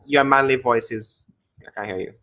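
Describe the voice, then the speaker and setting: A man's voice: mid-range voice, normal speed, sharp tone. A man hosting a live-stream debate, taunting and interrupting callers in a combative way.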